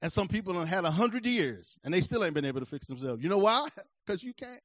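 A man preaching a sermon, swinging from quiet asides to shouted emphasis in a rhythmic cadence, laughing between points. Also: sits high, big pitch swings, quick pace, no room sound, muffled recording.

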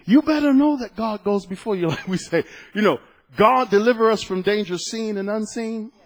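A pastor preaches a sermon built around a personal story, swinging from loud exclamations to soft, hushed storytelling. His voice is high-pitched and his pace moderate.

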